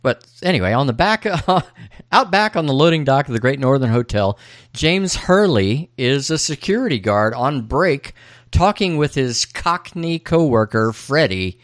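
A man co-hosting a podcast, casually recapping a TV episode with frequent chuckles and halting restarts. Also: mid-range voice, lively intonation, no room sound, studio quality. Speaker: podcast co-host.

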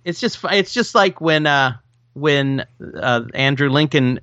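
A man co-hosting a podcast, chatting casually and thinking aloud with quick asides. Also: on the high side, sharp tone, smooth, no room sound. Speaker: podcast co-host. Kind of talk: casual chat. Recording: dry, slightly muffled lo-fi sound.

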